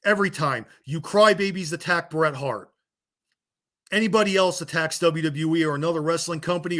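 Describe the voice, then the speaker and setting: A man's voice: fairly high pitch, brisk, a bit bright. A man delivering a heated, blunt rant to his viewers, swearing and scolding them as a wrestling vlogger. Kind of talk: angry rant to camera.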